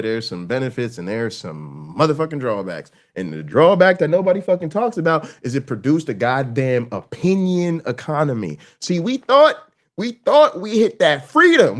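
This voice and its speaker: A man's voice: medium pitch, animated, moderate pace. A man hosting a live stream who rambles heatedly and swears constantly, repeating himself for emphasis. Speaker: stream host and academic. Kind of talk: profane live commentary.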